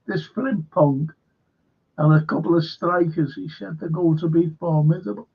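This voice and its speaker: A man's voice: fairly high pitch, fairly even intonation, a little slow, vocal fry, husky. A man hosting a casual fan livestream, swearing a lot, rambling, and reading viewer comments aloud. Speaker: livestream host. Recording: dull lo-fi stream audio.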